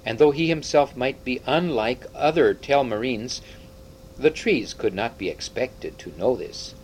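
A man narrating a storybook aloud with expressive, dramatic delivery. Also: mid-range voice, a little slow, slight background noise, poor audio. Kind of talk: audiobook storytelling.

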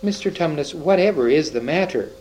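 A kind, anxious young girl from a storybook, played by a man reading aloud. She pleads and coaxes in a clearly raised voice that rises and falls with lively swings. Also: a little high, fairly quick, a little hiss or hum, natural voice, rough recording. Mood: anxious, pleading. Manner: pleading, earnest questions.

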